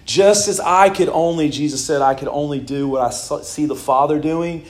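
A man preaching a sermon in a relaxed, conversational way, telling personal stories and often breaking into laughter. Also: fairly high pitch, moderate pace. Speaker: pastor. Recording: echoey room.

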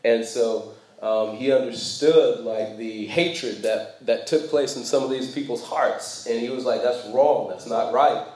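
Mellow-voiced man preaching conversationally. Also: mid-range voice, steady tone, measured pace, reverberant, rough recording. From United States. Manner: conversational, frequent fillers, laughs while telling stories. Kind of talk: sermon talk.

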